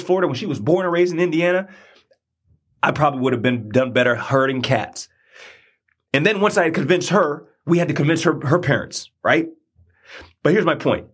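A man with a husky, breathy voice tells his own story like a sermon. He gets animated, jumping up in excitement and dropping to a hush. His pitch sits in the middle for a man. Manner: animated, swings between hushed and excited. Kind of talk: preachy storytelling monologue.

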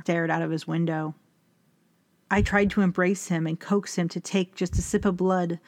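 A woman narrating a first-person story in a measured, even way. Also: on the low side, no echo.

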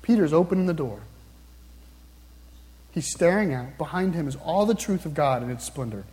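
Earnest high-voiced male preacher. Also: lively intonation, a little mellow. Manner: earnest, repeats questions to the listener, slows down to read scripture. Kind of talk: sermon. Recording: long reverb, hall-like.

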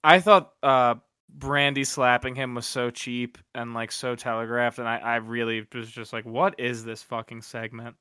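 A man's voice: mid-range voice, fairly even intonation, moderate pace, bright, forceful tone, clean tone, dry recording, clean studio sound. A man co-hosting a casual wrestling podcast, blunt and exasperated, swearing freely. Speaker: podcast co-host. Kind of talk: casual wrestling review chat.

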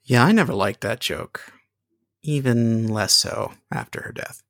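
An actor playing a weary, sardonic widowed man with a gravelly voice. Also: mid-range voice, animated, a little slow, fairly bright tone, no room sound, clean studio sound. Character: gruff widowed man bent on revenge.

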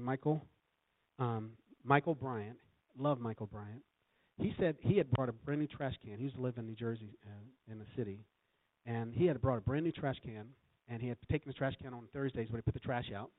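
A man delivers a sermon, weaving scripture quotations and an anecdote with emphatic rises. His voice sits a bit high. The sound is dry and narrow, like it comes through a phone. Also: no echo. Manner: storytelling, quoting scripture with emphatic swells. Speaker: preacher. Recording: tinny phone-like recording.

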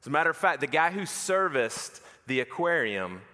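A man preaching a sermon as an animated, self-mocking storyteller. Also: fairly high pitch, moderate pace. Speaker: pastor. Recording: reverberant hall.

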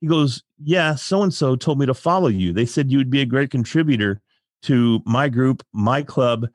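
A man telling a story in a casual podcast chat, animated and emotional, laughing often. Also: medium pitch, normal speed, no echo, studio quality. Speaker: podcast guest.

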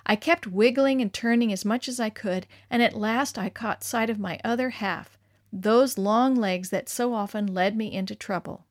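Expressive woman reading a children's story. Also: fairly high pitch, normal speed, dry recording, studio quality.

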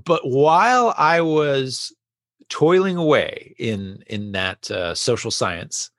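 A man's voice: mid-range voice, expressive, takes it slowly, a bit bright, dry recording, studio quality. A middle-aged man hosting a casual podcast conversation, talking about his family and past. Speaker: host.

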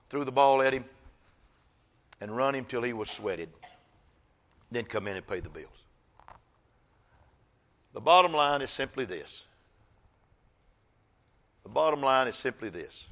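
A grandfather and pastor of advanced age delivers a sermon at medium pitch, shifting from forceful exhortation to soft, leisurely tales.

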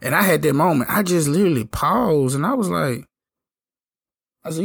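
A hoarse man telling a story in a casual, slangy, laid-back way. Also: on the high side, expressive, normal speed, fairly bright tone, no room sound, studio quality. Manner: laid-back slangy talk, lots of "you know what I'm saying". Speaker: podcast host telling a story.

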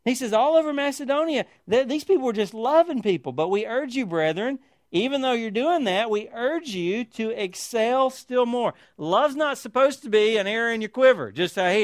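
A man's voice: very high-pitched, animated, normal speed, no room sound, clean studio sound. A man preaching a sermon as pastor, reading scripture aloud with emphasis and pressing points with rhetorical tag questions.

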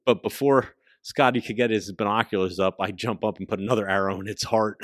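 Low-voiced man telling a profane story. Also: fairly quick, no room sound. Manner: profane, animated storyteller who drops into hushed tones. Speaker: hunting guest. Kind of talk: casual storytelling.

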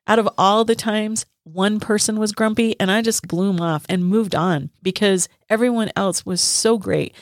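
A woman's voice: mid-range voice, moderate pace, hardly any pauses, no echo, studio quality. A woman co-hosting a faith podcast, telling a personal story in a casual, laughing way. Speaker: podcast co-host.

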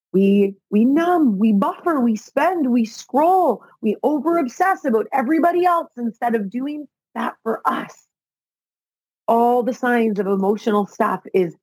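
A middle-aged woman speaks on her solo motivational podcast in a soft, breathy voice that sits at an ordinary pitch. She talks earnestly, repeats her phrases and climbs toward emotional intensity. The sound is close and dry, with no room around it. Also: no echo, rough recording. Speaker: podcast host. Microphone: video call.

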